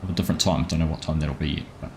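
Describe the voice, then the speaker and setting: A man's voice: rumbling low, fairly even intonation, rapid-fire, darkish tone, slight background noise. A man hosting a live gaming stream, chatting casually and greeting viewers by name as he plays.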